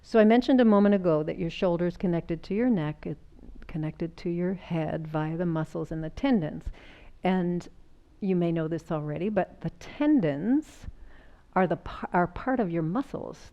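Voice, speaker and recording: A woman teaching a chair yoga class, calmly guiding movements and explaining the breath and the body. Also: fairly low pitch, measured pace, muffled recording. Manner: calm, explanatory, gently encouraging. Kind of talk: guided exercise class.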